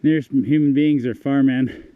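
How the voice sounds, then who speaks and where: A man's voice: mid-range voice, fairly even intonation, normal speed. A man in his fifties narrating a hiking vlog outdoors on a mountain trail, awestruck, exclaiming often and talking straight to his viewers. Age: 50s. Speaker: hiking vlogger. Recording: tinny, thin sound with loud wind noise.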